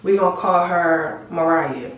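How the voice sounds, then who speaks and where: A woman telling a storytime to her viewers in a casual, animated, slangy and profane way. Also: on the low side, a little slow, recorded from a distance, dull audio. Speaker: storytime vlogger. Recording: very echoey room, voice away from mic.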